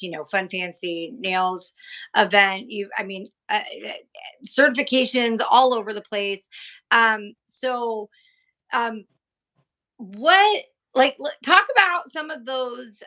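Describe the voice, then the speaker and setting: A woman's voice: mid-range voice, pushed and bright. A woman in her forties hosting a casual chat, rambling with fillers and laughing easily. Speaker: host.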